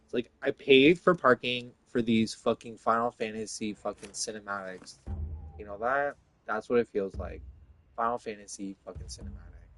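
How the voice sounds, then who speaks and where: A man's voice: mid-range voice, a bit bright, poor audio. A man rambling through a casual, profane story monologue, filling his talk with "like". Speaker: vlogger.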